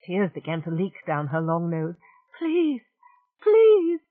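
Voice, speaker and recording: A woman reading an audiobook in a measured, even narration. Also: low-pitched. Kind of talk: scripted narration. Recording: tinny phone-like sound.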